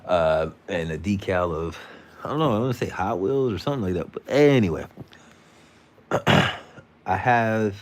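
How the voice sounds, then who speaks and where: A man's voice: deep voice, animated, measured pace, long pauses. A man hosting a live stream, telling a rambling story in slangy casual talk, sounding tired. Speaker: livestream host.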